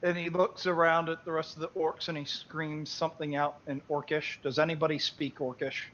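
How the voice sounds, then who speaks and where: Male game master, casual narrator, somewhat high voice, dull audio. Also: flat delivery, normal speed, fairly bright tone.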